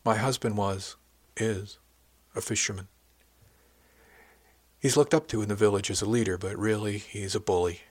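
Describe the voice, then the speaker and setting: A man voicing a frightened young village wife who speaks softly and hesitantly, with a husky voice. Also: on the low side, steady tone, moderate pace, long pauses, no room sound.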